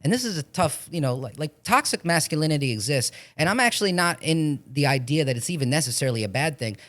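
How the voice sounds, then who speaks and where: A man in his forties from Florida, an actor talking as a podcast guest in a casual, animated way, swearing often as he tells stories. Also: fairly high pitch, fast talker. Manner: profane, animated storytelling with frequent swearing. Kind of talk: casual chat.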